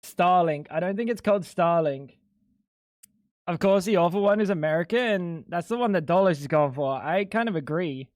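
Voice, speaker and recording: High-voiced animated young man streaming. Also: moderate pace, dry recording, studio quality. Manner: animated, swearing, laughing a lot. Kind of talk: casual live-stream chat.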